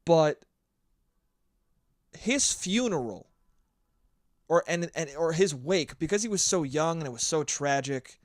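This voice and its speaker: A man's voice: fairly high pitch, expressive, slow pace, pauses often, no echo, clean studio sound. A young man hosting a solo podcast, telling stories in a blunt, profane rant. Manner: blunt, profane, ranting storyteller. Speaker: podcast host.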